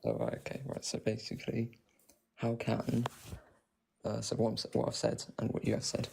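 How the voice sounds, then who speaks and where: Male debate caller, gravelly fry throughout, raspy and low, slow halting delivery. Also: monotone, darkish tone. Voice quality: heavy vocal fry. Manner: halting, hesitant, slow to make a point.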